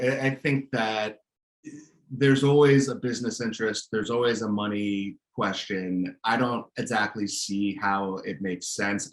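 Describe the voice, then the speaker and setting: A man's voice: fairly low pitch, fairly bright tone. Opinionated man ranting in a roomy space. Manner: opinionated, ranting, with many restarts. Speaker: podcast co-host. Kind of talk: casual chat.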